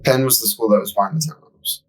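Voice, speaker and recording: A man's voice: mid-range voice, brisk, rough recording. A young man telling a profane, ranting story as a podcast co-host in casual chat. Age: young adult.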